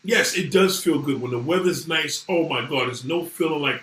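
A man ranting casually to viewers, animated and swearing freely. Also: a little high, normal speed, slight background noise. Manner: animated, swearing, voices others in quotes. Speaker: vlogger talking to viewers. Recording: echoey room.

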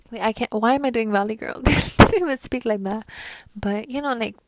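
A woman's voice: on the high side, brisk, no echo. Profane ranting New young woman. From New York. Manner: profane, ranting, gets loud when riled up. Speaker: vlogger. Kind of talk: casual Q&A chat.

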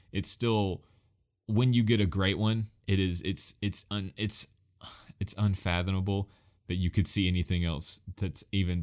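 A man with a deep, low voice talks casually as a host. He rambles, poking fun at himself and laughing now and then. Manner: rambling, self-mocking, laughs often. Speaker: podcast host recommending anime. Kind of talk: casual talk.

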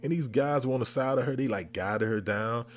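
A man hosting a podcast, telling a comic story with lively re-enactments of his own reactions. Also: medium pitch, fairly quick. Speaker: podcast host. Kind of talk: comedic storytelling.

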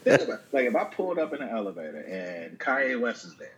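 A man's voice: mid-range voice, fast, poor audio. A man chatting casually and profanely, acting out joking exchanges in other voices. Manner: animated, profane, acts out mock dialogue. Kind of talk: casual comedic chat.

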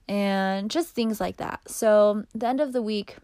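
A woman's voice: medium pitch, a little slow, darkish tone, clean tone, no room sound, clean studio sound. A young woman hosting a podcast, talking candidly and casually about her own life, swearing freely. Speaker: podcast host. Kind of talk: casual personal monologue.

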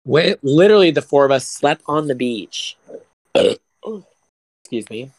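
A man co-hosts a casual podcast, wandering through a long anecdote with lots of laughter. His voice sits at an ordinary middle pitch. The recording is close and dry, with no room echo. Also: animated, slow. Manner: rambling storyteller, laughs a lot. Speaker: podcast co-host.

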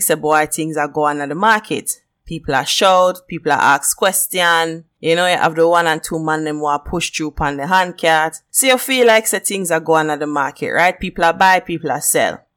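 A woman from Jamaica with a Jamaican accent hosting a solo podcast, talking casually and lively and slipping into patois. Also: low-pitched. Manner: lively, switches into patois, laughs often. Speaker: podcast host.

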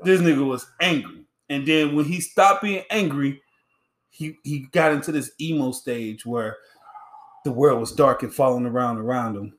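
A man's voice: mid-range voice, normal speed. A man co-hosting a podcast in casual chat, blunt and teasing in his banter. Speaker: podcast co-host. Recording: echoey room.

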